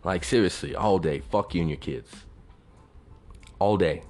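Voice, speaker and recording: A man's voice: sits low, unhurried, a little mellow. A young man from Texas, ranting bluntly and profanely in a casual venting monologue. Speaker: vlogger.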